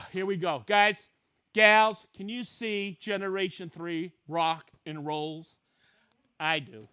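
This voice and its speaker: Middle-aged male livestream host, bright high voice, unhurried, playful shout-outs. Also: smooth. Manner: excited, playful, reading out viewer locations. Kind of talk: live-stream shout-outs to viewers.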